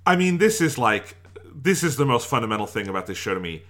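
A man's voice: mid-range voice, big pitch swings, fast, a bit bright. A man co-hosting a podcast, ranting in exasperation about a show and firing off rhetorical questions. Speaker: podcast co-host. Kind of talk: casual review discussion.

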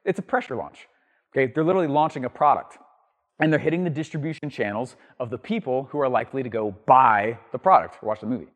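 A man hosting a marketing show, teaching in an emphatic way that swings from loud, rising bursts to low, quiet asides. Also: fast, in a large hall. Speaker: marketing podcast host. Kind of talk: energetic teaching monologue.

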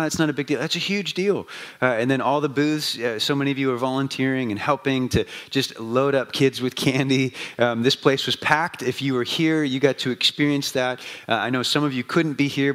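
A man with a voice gone hoarse and low delivers a relaxed, chatty sermon to his congregation. He talks with plenty of uhs and restarts, at a middle pitch. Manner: conversational, many fillers. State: voice lower than usual, hoarse. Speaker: pastor.

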